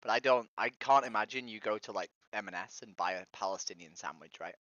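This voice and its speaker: A woman's voice: extremely low pitch, fairly quick, fairly bright tone, dry recording. A woman, streaming on a video chat site and pressing strangers with direct, persistent questions. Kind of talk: casual argumentative chat. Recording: dull lo-fi stream audio.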